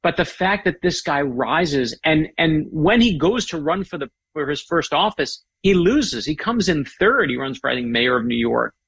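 A man's voice: a little high, normal speed, gravelly, hardly any pauses, slightly rough, no room sound. A middle-aged man, a guest author, chatting with enthusiasm and telling stories. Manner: enthusiastic, animated storyteller. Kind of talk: casual chat.

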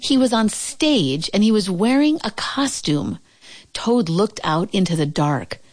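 Woman narrator, children's story read aloud, slow, lively intonation. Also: medium pitch. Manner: gentle, expressive read-aloud.

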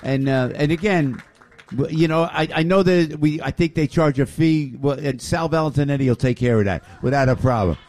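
A man hosting a lively radio show, effusive and often raising his voice. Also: fairly high pitch, moderate pace. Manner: excitable, effusive, raises voice often.

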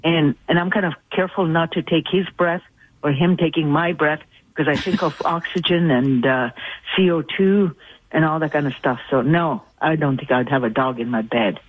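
A woman's voice: sits low, moderate pace. A woman calling in to a radio show, speaking in a firm, matter-of-fact way. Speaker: caller. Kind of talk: phone-in call. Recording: dry, tinny phone line.

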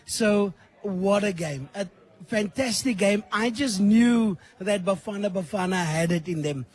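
A hoarse man with a lost voice, a studio guest speaking enthusiastically on radio. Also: high voice, a little slow. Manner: enthusiastic, emphatic. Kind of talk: radio interview.

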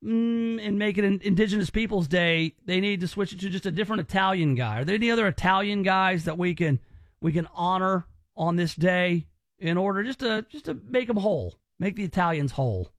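A man's voice: high-pitched, animated, brisk, no echo. A man hosting a call-in radio show, rambling and teasing with lots of restarts. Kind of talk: joking call-in radio banter.

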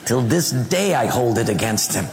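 Animated storytelling preacher. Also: male voice, normal speed, long reverb tail, very noisy. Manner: animated storyteller who swings his pitch and laughs through his story. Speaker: pastor. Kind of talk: storytelling sermon.

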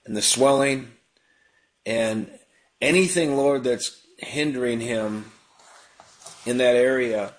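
A man's voice: medium pitch, slow, pauses often. A man hosting a live call-in radio ministry, praying for callers and talking casually with plenty of fillers. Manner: prays and preaches in a relaxed, conversational way with frequent fillers. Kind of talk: live call-in prayer show.

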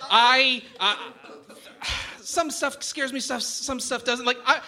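A man doing a rambling, self-deprecating stand-up set, sometimes dropping to a hushed storytelling voice. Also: very high-pitched, slow. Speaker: stand-up comedian. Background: audience laughter.

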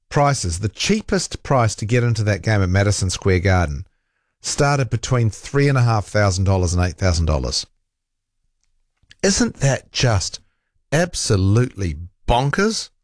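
A man's voice: mid-range voice, no room sound, clean studio sound. A man hosting a talk radio show, reading listener texts and arguing back at critics in a combative, fact-checking way. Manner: combative, defends himself, fact-checks callers.

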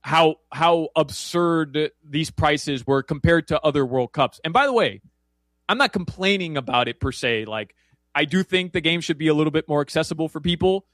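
A man's voice: on the high side, expressive, moderate pace, a bit bright, no room sound. A man giving casual soccer betting picks, rambling with many fillers and restarts. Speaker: soccer analyst guest. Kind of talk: casual sports betting chat.

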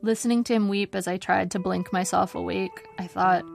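A woman narrating a personal memoir in a dry, measured way. Her mid-pitched voice has a gravelly, fried texture. Faint music plays underneath. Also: steady tone. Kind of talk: reading a personal memoir aloud.

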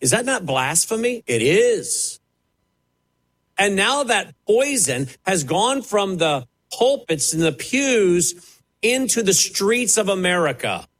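Brief: male TV preacher, slightly higher voice, very animated swoops, emphatic sermon delivery. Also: unhurried. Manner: emphatic, dramatic preaching with sharp rises and falls. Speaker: television preacher.

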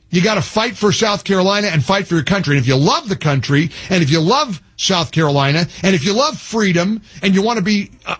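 A man's voice: high voice, a bit bright, husky. A male talk radio host delivering an impassioned political rant, emphatic and fired up, often restarting his sentences.

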